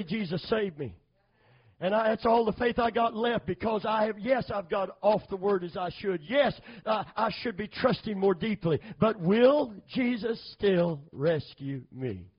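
A middle-aged man preaching a sermon, calling for amens and building to loud, fervent emphasis. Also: high-pitched, slightly rough. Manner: call-and-response, asking for amens. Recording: dull lo-fi sermon recording.

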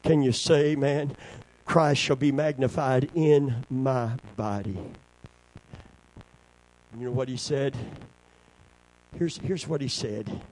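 An older man preaching a sermon, swinging from shouted lines to hushed, quiet passages. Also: mid-range voice, fairly even intonation, takes it slowly, pauses often, a little hiss or hum, rough recording.

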